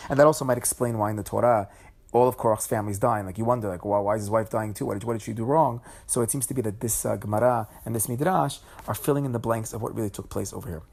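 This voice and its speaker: Guy teaching torah casually, gravelly voice, lots of restarts, mixes in hebrew words. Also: lowish voice, fast, a little mellow. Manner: conversational storytelling, frequent restarts and Hebrew terms. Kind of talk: informal Torah class.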